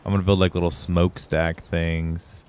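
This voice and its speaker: A young man chats with his viewers while playing a game live. His voice sits low and comes through clear and smooth. He rambles, swears easily and drifts between topics. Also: level tone, moderate pace, a little mellow. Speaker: live streamer. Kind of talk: casual gaming livestream chat.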